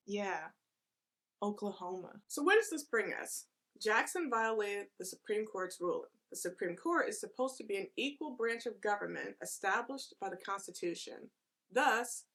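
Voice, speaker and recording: A woman delivering a satirical history explainer with sarcastic, deadpan asides. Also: medium pitch, vocal fry.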